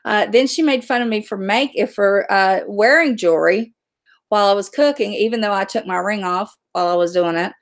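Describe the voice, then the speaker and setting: A woman's voice: medium pitch, normal speed. A woman hosting a casual chat, talking in a chatty way with laughing asides. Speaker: host.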